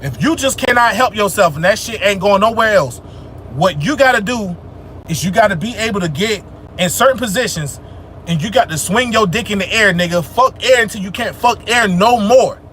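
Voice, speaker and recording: A young man with a high, bright, forceful voice fields viewer questions on a livestream. He talks loose and profane, slips into street slang, and turns emphatic and preachy when he makes a point. A faint hum of traffic sits low behind him. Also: expressive, moderate pace. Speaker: livestream host answering chat. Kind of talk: casual spiritual livestream Q&A.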